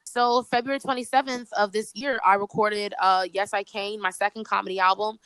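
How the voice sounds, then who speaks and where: A woman comedian, a podcast guest speaking by phone, telling a story in an animated way with many restarts. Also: mid-range voice, fairly quick, smooth, dry recording, poor audio. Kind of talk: casual chat.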